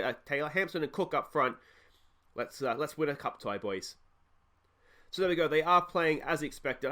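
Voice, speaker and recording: A young Australian man with a hoarse voice from a cold, casually commentating his football management game and rambling between bursts of excitement when his team scores. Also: mid-range voice. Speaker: let's play host.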